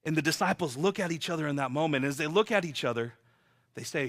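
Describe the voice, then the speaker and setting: A man's voice: on the high side, expressive, fast, fairly bright tone. A man preaching a sermon and sharing his own testimony, telling stories in a vivid, earnest, emphatic way.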